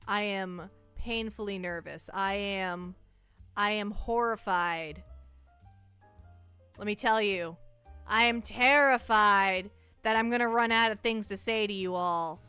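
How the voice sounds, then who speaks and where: A woman's voice: mid-range voice, unhurried, bright, forceful tone, clean tone, soft background music. A young woman streaming, casually chatting with her viewers in a self-mocking, talkative way. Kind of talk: casual livestream chat.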